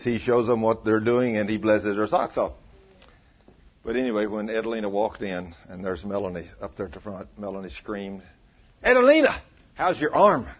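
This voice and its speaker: Folksy preacher man, husky, lo-fi. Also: mid-range voice. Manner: folksy, animated, rising to loud emphatic peaks. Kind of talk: sermon with storytelling. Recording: dull lo-fi recording.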